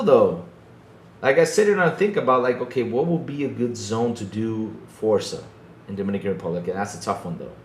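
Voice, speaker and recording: There's a little hiss or hum behind this medium-pitched man as he hosts a casual gaming podcast in an echoey room. Relaxed and chuckling, he often repeats himself and tags his lines with "though."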